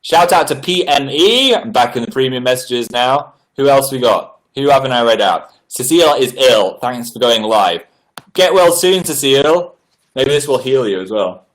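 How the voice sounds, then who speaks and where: A man hosting a casual livestream, chattily reading out viewer messages and answering them, his pitch often jumping up on exclamations. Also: moderate pace. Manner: chatty, animated, reads messages aloud with upward-jumping pitch. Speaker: livestream host. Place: indoors at home.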